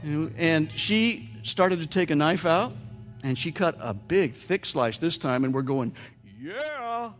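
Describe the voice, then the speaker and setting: American pastor guy telling funny stories in a sermon, big echoey church, soft music in back. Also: fairly high pitch, unhurried. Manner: humorous storytelling, playful voices for quotes. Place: church sanctuary.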